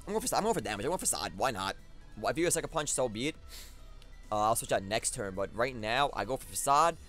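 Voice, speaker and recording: A young man giving live gameplay commentary, thinking aloud and talking to his opponent with excitable swings of energy. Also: mid-range voice, quick pace, faint music behind. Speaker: competitive battle commentator.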